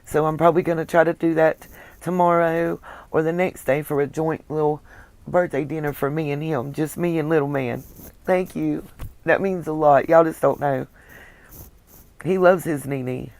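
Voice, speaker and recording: A woman with a Southern US accent hosting a casual livestream, chatting warmly and thanking viewers by name. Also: low voice, fairly even intonation, normal speed. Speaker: livestream host reading viewer comments. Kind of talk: casual chat.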